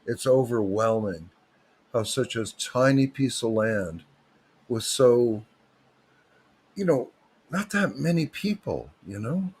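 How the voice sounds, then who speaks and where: A man hosts a livestream, rambling from one topic to the next. His talk is loose and joking, with plenty of restarts. He speaks at a medium pitch into a desk mic. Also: lively intonation, slow pace, long pauses, a little mellow, slightly rough. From Canada. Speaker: livestream host.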